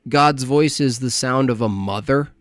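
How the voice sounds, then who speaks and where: A man's voice: medium pitch, unhurried, no room sound. A man hosting a livestream, reacting to a clip with crude, mocking, rambling commentary.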